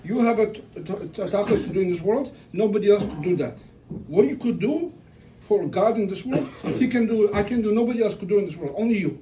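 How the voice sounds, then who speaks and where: A man's voice: sits high, animated, a little fast. A man giving an informal religious talk at a family gathering, telling stories and asking rhetorical questions. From Russia. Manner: storytelling, restarts and rhetorical questions. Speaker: family member giving a eulogy. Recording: distant mic with faint room noise.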